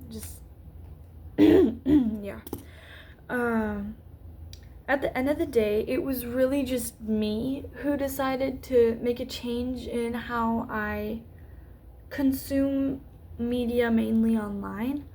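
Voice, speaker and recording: A young woman YouTuber rambling through an unscripted vlog, full of fillers and restarts, her voice going hoarse. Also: a little high, steady tone, slow pace, long pauses, mellow, slight background noise. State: losing her voice.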